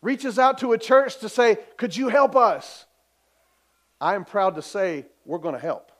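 A man's voice: high-pitched, measured pace, a bit bright. A man preaching a sermon as pastor, telling a story earnestly and building to emphatic exhortation.

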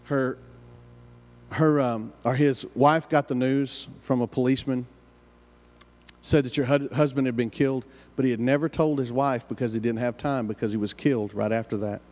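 A man preaching a sermon, his mid-pitched voice ringing with a long tail of reverb from a large hall. He tells an anecdote earnestly, often doubling back on his words before pressing on. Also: fairly even intonation, moderate pace, darkish tone. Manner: earnest, repeats and restarts phrases while telling a story. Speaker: pastor. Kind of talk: sermon storytelling.

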